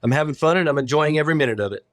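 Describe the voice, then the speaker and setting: A man's voice: on the high side, rapid-fire, fairly bright tone, no echo, studio quality. A man, a guest on a podcast, chatting easily and telling anecdotes. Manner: easygoing, storytelling. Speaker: podcast guest, lawyer and pilot. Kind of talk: casual interview chat.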